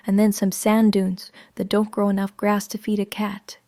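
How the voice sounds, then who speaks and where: A woman narrating a story in the first person, in a slow, hushed way that often drops to a whisper. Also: mid-range voice, level tone, vocal fry, no room sound, studio quality.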